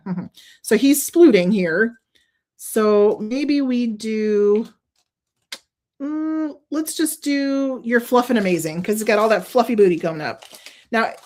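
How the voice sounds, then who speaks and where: A woman's voice: a little high, darkish tone. A woman hosting a card-making stream, chatting casually and laughing often as she thinks aloud while working. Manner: gushing, openly emotional. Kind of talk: casual crafting demonstration.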